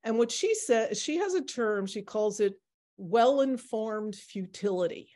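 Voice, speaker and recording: A woman's voice: on the high side, animated, a little slow, mellow. A woman in her sixties, the artist presenting her work, talking in a rambling, chatty way with many fillers. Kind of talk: casual Q&A discussion.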